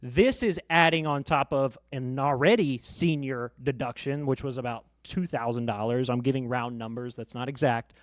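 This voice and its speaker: A man's voice: mid-range voice, moderate pace, few pauses, dry recording. A man who works as a financial planner, confidently explaining tax deductions on a podcast. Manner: confident, explanatory, uses round numbers. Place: podcast studio.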